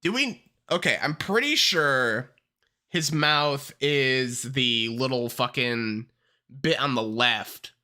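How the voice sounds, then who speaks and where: Streamer, casual livestream commentary, profane, excitable, bright sharp tone, slow drawn-out delivery. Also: medium pitch. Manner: excitable and heavily profane, rants then laughs.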